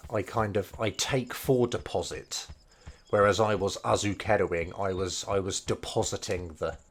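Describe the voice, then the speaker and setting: A man, casually explaining Japanese words while streaming a game, rambling and restarting his sentences often. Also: low-pitched. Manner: rambling, hesitant, many fillers and restarts.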